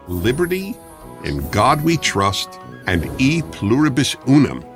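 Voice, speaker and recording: A man reading a storybook grown-up who explains things to his dog, in the same flat and unvaried reading voice. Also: medium pitch. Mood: explaining. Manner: reads words evenly, no pauses or voice changes. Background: background music.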